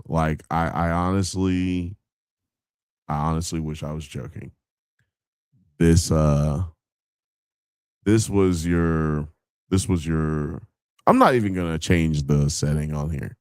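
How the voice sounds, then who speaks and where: Deep-voiced man hosting a heated podcast. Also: slow, pauses often, darkish tone, no echo, studio quality. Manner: argumentative, swearing, talks over his co-host. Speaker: podcast host. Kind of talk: casual heated podcast debate.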